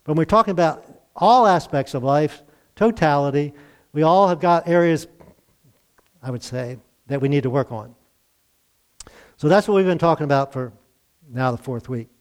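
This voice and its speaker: A man's voice: fairly high pitch, moderate pace, pauses often. An older man, a pastor, preaching a conversational sermon to a congregation and asking them to respond. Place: church service.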